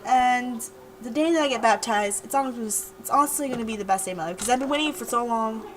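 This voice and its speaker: A woman's voice: fairly high pitch, fast, a little hiss or hum, low-quality recording. A young woman talking casually to her webcam in a diary-style vlog, rambling and repeating herself. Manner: rambling, chatty, repeats words. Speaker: vlogger.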